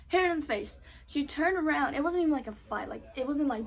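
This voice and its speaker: A young woman telling a casual storytime vlog, animated, swearing freely and saying "like" constantly. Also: high voice, fairly quick. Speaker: vlogger.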